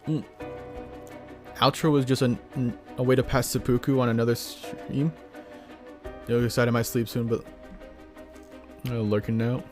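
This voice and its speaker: A man doing casual gameplay commentary as a streamer, reacting excitably and laughing often. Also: medium pitch.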